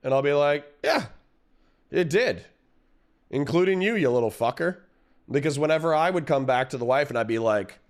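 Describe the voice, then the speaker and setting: A man's voice: medium pitch, animated, moderate pace. A middle-aged man hosting a casual livestream, ranting about online drama with profanity and frequent laughter. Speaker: livestream host.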